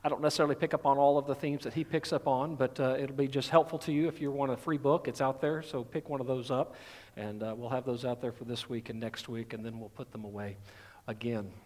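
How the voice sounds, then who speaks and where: A man's voice: medium pitch, steady tone, fast, darkish tone, in a large hall. A middle-aged man from Texas with a light Southern accent, preaching a sermon in a folksy, conversational way with many fillers. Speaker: pastor.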